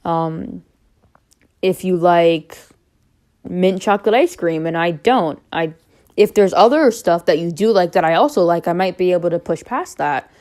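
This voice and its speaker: A young woman's fairly low, warm voice speaks unscripted to her camera. She rambles with frequent fillers and loses her thread at times, but stays candid and open about personal matters. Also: unhurried. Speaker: vlogger.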